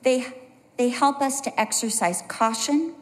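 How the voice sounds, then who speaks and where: A woman's voice: high voice, unhurried, big-room sound. A middle-aged woman preaching a sermon, telling stories with earnest conviction. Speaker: pastor's wife preaching.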